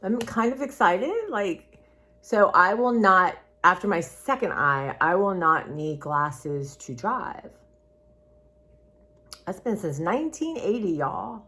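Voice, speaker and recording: A woman's voice: medium pitch, expressive, takes it slowly, sharp tone. A woman in her sixties chatting casually to her viewers, rambling from one thought to the next and calling them y'all. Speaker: vlogger. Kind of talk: casual chat to camera.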